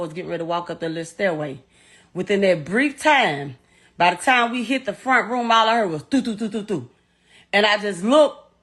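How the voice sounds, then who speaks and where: Speaking in a mid-range, fairly bright voice, a middle-aged mother who has lost a child tells her painful story with raw, blunt emotion. She curses frequently and goes over the same points again and again.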